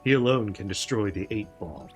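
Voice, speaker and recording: A man's voice: fairly low pitch, lively intonation, normal speed, soft background music, close to an everyday voice. A man voicing a solemn mystical spirit who hands a game hero a quest.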